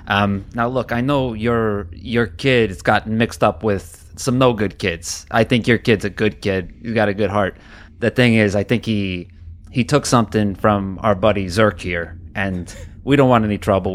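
A man's voice: fairly low pitch, steady tone, moderate pace. A man playing a tabletop game, talking in an earnest and friendly way. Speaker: player.

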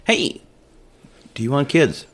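A middle-aged man co-hosting a podcast, chatting casually and joking over cocktails in an animated way. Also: on the low side, moderate pace. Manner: animated, joking, trails off mid-sentence. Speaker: podcast co-host.

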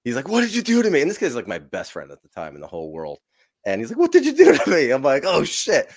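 A podcast guest from New Jersey tells a long, profane story, rambling and interrupting himself along the way. His voice is low, recorded dry with studio quality.

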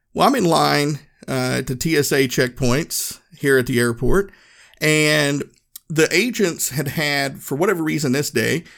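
A man hosting a podcast, telling a story in a relaxed, conversational, reflective way. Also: medium pitch, vocal fry. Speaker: podcast host.

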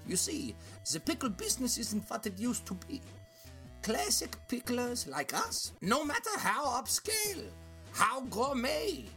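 A performer voicing a scheming woman pickle boss with a German accent who speaks in slow, grand pronouncements. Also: mid-range voice, big pitch swings, creaky, bright, forceful tone, faint music behind, voice pushed up, heavily acted. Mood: exasperated.

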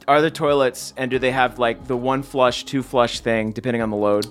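A man's voice: medium pitch, fairly even intonation, moderate pace, a bit bright, faint music behind. A man player in a tabletop game, goofy and curious, firing off questions.

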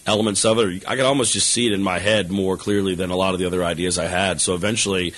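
A man's voice: low voice, fast, rough recording. A man, an actor and co-writer, giving loose, rambling interview answers full of "you know" and "like". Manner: relaxed, rambling, heavy with fillers like "you know".

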